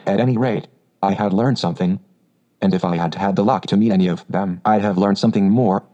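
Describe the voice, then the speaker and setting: A man's voice: deep voice, fairly quick, muffled recording, voice pushed down, close to an everyday voice. A man voicing a hearty, bold male otter who tells his tale cheerfully. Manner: cheerful, lively storyteller.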